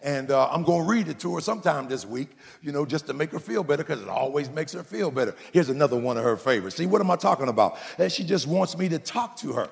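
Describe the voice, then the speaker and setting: A male pastor delivers a sermon with a folksy, joking storytelling manner, teasing his congregation. His voice is gravelly with some fry and sits fairly high. The sound rings with the long reverb of a big church hall. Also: lively intonation, fast talker, few pauses. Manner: folksy preacher, playful storytelling, calls out to the congregation.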